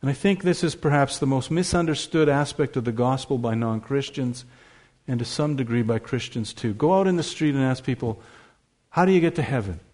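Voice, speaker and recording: A male pastor preaches to his congregation in an earnest, deliberate sermon voice. He slows down and repeats key phrases to drive them home. His voice sits at an ordinary middle pitch. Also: darkish tone.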